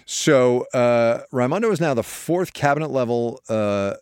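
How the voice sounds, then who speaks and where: A man's voice: mid-range voice, animated, measured pace, a little mellow, clear, resonant tone, no room sound, studio quality. A man hosting a radio show, chatting casually about the news with many fillers and restarts.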